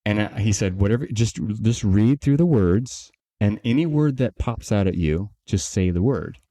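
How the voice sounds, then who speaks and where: A man co-hosting a podcast, telling a long story in a casual, animated way and acting out the people he quotes. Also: lowish voice, normal speed. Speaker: podcast co-host, company CEO.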